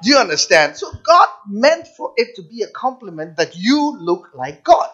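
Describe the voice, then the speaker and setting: Slow, husky, animated preacher. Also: mid-range voice. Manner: dramatic, repeats and stretches key words, swings from hushed to shouting; asks the congregation questions. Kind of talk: sermon. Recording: dull lo-fi sound.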